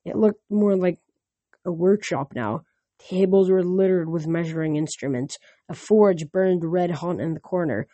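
Novel read aloud, halting reader, slips and restarts, mellow voice, dry close sound. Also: mid-range voice, no room sound, dull audio.

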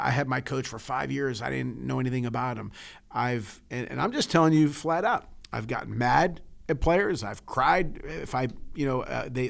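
A man's voice: medium pitch, vocal fry. A man who coaches, talking in a casual chat and telling stories with emotion, often repeating words as he starts over. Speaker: coach and podcast co-host.

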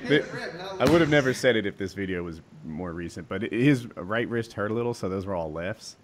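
A man's voice: lowish voice, brisk. A man with a Boston accent hosting a casual podcast chat, telling stories emphatically. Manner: animated storyteller, emphatic. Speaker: podcast host.

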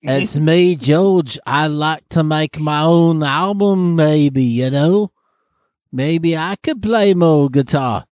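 A man's voice: fairly high pitch, slow pace, a little mellow, no echo, studio quality. A man doing a timid, hesitant guitarist. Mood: wistful. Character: an impression of a timid band guitarist wanting more playing time.

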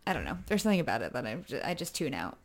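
A woman's voice: rumbling low, very animated, very fast. A woman from the United States co-hosting a casual movie podcast, chatty and hesitant with many fillers. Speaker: podcast co-host. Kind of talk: casual chat about movies.

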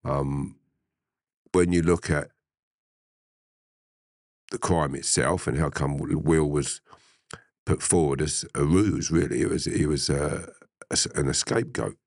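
A middle-aged man with a very low voice spins an animated story in casual interview talk, laughing and swearing as he goes. His voice sounds dry and close, with no room around it. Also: measured pace, creaky, long pauses, dry recording.

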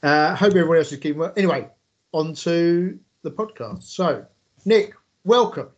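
A man's voice: fairly high pitch, lively intonation, moderate pace, muffled recording. A man hosting a podcast, introducing a guest in a rambling way, full of fillers. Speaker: podcast host. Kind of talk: casual podcast interview.

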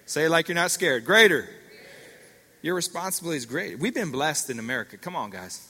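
Animated male pastor in a reverberant hall. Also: fairly high pitch, fast, slightly rough. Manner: animated storytelling with call-outs to the congregation. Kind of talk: sermon. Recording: long reverb of a large hall.

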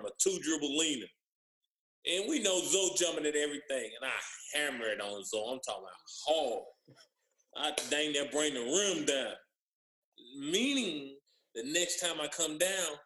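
A man telling lively stories from his playing days in casual chat, acting out what others said. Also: on the high side, roomy sound, low-quality recording. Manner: animated storyteller, acts out others' lines. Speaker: former pro basketball player guest. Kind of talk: casual storytelling on a podcast.

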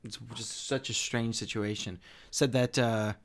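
A man's voice: mid-range voice, fairly even intonation, a little slow, pitched below the performer's own voice, close to an everyday voice. A man playing a grimy sewer rat-master. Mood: hesitant. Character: grimy sewer-dwelling male rat-master who commands rats.

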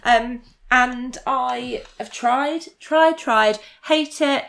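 A woman's voice: sits high, drawn-out words, vocal fry, a bit bright. A woman guesting on a podcast, playful, teasing and blunt in casual chat.

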